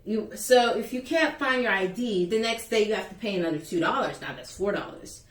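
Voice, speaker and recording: A young woman casually telling a school story to the camera, animated and chatty, acting out the people in it. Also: mid-range voice, brisk, hardly any pauses, far from the mic. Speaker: vlogger. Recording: echoey room, a bit off-mic.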